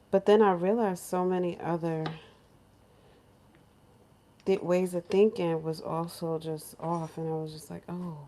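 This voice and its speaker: A woman from New York, a lifestyle vlogger, telling a story in casual chat in her home kitchen, animated and laughing, acting out other people's voices. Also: on the low side, a little hiss or hum. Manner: animated, laughing, acts out crying voices in quotes.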